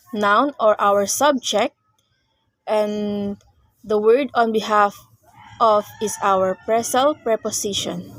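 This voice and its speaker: A woman's voice: mid-range voice, dry recording. A young woman, presenting a class report on grammar in short read phrases. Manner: reads explanations in short phrases, with small restarts. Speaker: student presenter.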